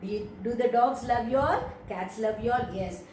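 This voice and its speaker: A woman teaching young children about animals, talking in a slow, emphatic, sing-song way. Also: on the high side, darkish tone, echoey room, far from the mic, slight background noise, rough recording.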